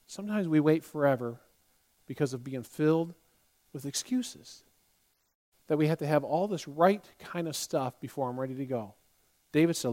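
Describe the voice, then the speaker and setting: A male pastor preaching a sermon, emphatic and swinging between loud passages and hushed ones. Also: a little high, normal speed, long pauses.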